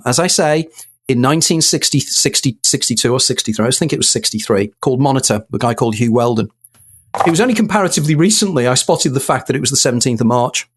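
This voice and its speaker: A man's voice: medium pitch, husky. A man, a guest in an interview, telling a story with animation and acting out quoted dialogue. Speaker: guest author.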